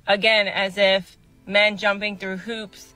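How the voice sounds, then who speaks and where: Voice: medium pitch, flat delivery, slow, bright, forceful tone, faint music behind, low-quality recording. A speaker in a played video giving opinion commentary in an assertive, lecturing way.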